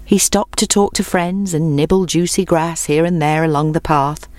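A woman narrates a storybook clearly and expressively. Her voice sits somewhat low for a woman, and the recording is close and dry. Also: normal speed, darkish tone, dry recording. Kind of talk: storybook reading.

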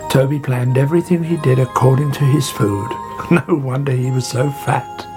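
Playful storyteller over music. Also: mid-range voice. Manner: expressive, playful reading. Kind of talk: storybook narration. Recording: music playing behind.

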